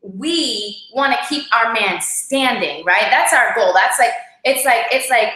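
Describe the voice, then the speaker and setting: A chatty woman co-hosting a relationship talk with a bright, forceful voice, peppering every sentence with "like" and "right?". The recording sits in a very echoey room. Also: fairly high pitch, lively intonation, a little slow. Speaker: co-host. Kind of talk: casual couples chat.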